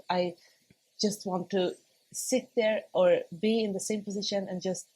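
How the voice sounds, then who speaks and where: A husky voice on the high side belongs to a woman in her thirties, guesting on a podcast and telling a personal tale conversationally. Laughter comes often, as do animated quotes of her past self, all on a rough recording.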